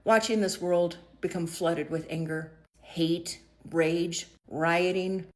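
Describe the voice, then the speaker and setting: A woman sharing a casual faith talk straight to her viewers, affectionate and folksy, sometimes dropping to a soft whisper. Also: fairly low pitch, steady tone, slow. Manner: uses casual slang. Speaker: faith vlogger.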